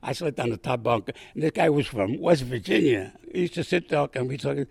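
An older man from Puerto Rico tells his stories in a rambling, animated way. His voice is gravelly and a little husky, and it swings widely in pitch. The sound is dry and close. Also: a little fast, dry recording. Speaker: veteran guest. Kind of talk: casual storytelling.

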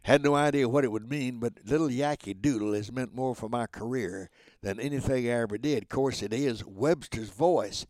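A man's voice: mid-range voice, a little fast, a little mellow, dry recording. A man in his nineties, a voice actor and guest, chatting in a folksy, jokey way. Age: 90s. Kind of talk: casual interview chat.

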